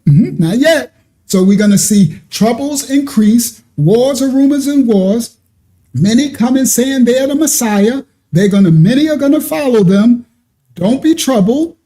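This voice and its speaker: Preaching man with a high voice, dark tone, emphatic, conversational, repeats himself, Bible-study sermon. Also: lively intonation, unhurried.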